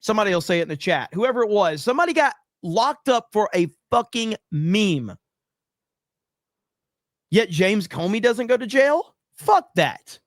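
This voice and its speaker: A man with a fairly high voice hosts a podcast and rants bluntly, swearing freely as he reacts to clips. The sound is dry and close, with no room around it. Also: animated, normal speed, dry recording. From USA. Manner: blunt and profane, heated. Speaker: podcast host. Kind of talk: casual political commentary.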